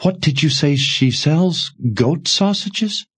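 A man's voice: fairly high pitch, animated, slow, fairly bright tone, husky, pitched above the performer's own voice, full character voice. A man voicing a desperate young woman traveler who pleads and cries out breathlessly. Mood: pleading.

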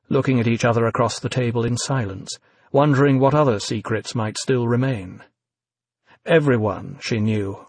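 A man narrating an audiobook in a measured, even reading. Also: mid-range voice, breathy edge, no echo.

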